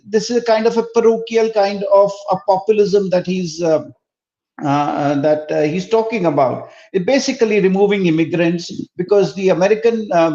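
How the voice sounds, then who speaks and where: A man speaking as a guest commentator in a panel discussion, halting, with many fillers and repeated words. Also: sits high, mellow. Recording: dull remote audio link.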